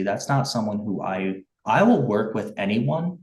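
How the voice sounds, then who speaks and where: Earnest candidate guy, lowish voice, lots of restarts, echoey room. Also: animated, a little slow, darkish tone, recorded from a distance. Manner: earnest, impassioned, many restarts and fillers. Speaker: write-in congressional candidate. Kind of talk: interview answers.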